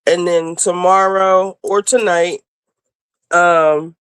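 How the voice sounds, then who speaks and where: A woman hosting a casual livestream, chatting to viewers and getting loud and teary with excitement over new supporters. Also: lowish voice, slow, smooth, no room sound. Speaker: livestream host.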